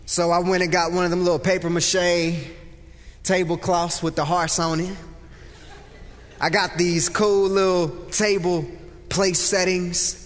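Telling his faith testimony as a vivid, unhurried story, a high-voiced man in his forties swings from loud excitement to soft hushed moments. A long reverb carries his voice, as though he's in a large hall.

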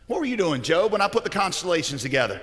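A man's voice: sits high, big pitch swings, fast talker, fairly bright tone, long reverb tail. A man voicing God, who challenges Job with one pointed question after another. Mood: challenging.

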